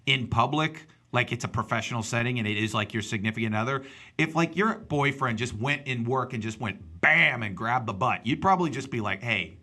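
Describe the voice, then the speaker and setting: A man's voice: medium pitch, brisk, sharp tone. A man hosting a casual talk show, rambling and joking, often slipping into silly put-on voices. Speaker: radio show host. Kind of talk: casual banter.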